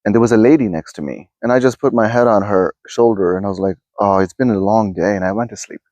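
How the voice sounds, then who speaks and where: Low-voiced man musing in a backyard. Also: quick pace, a little mellow, no echo. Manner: rambling, restarts often, talks to viewers. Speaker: self-help video host. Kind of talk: casual spoken musing to camera. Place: outdoors in a backyard.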